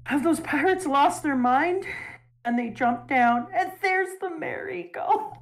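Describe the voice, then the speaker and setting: A woman in casual chat, recapping a story arc in an animated, emotional way and laughing now and then. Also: high-pitched, slow.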